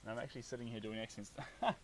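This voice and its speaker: A man's voice: medium pitch, fairly even intonation, racing, distant mic, slight background noise, low-quality recording. A man with a New Zealand accent chatting upbeat and casually while painting on a live stream, reading out viewer comments.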